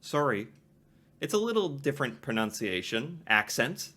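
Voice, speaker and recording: Canadian guy reacting to a video, chatty, keeps laughing, bouncy bright voice. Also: medium pitch, big pitch swings, normal speed. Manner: chatty, laughs often between remarks. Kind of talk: casual reaction commentary.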